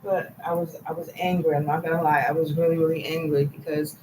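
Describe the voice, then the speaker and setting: A woman's voice: low-pitched, level tone, fast talker, noisy background. A woman vlogging to her phone camera, chatting casually in a rambling, blunt and profane way.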